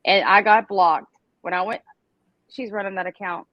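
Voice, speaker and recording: A woman co-hosts a casual live chat, excitable and never shy about swearing. Her voice sounds dry and close, with little room around it. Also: mid-range voice, moderate pace, no room sound, lo-fi sound.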